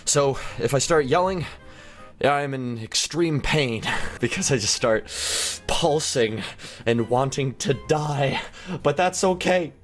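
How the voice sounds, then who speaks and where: Animated young man gaming commentary. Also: slow, faint music behind. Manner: animated, jumps into sudden high excited shouts. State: sick with a headache. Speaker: gaming YouTuber. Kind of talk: excited gameplay commentary.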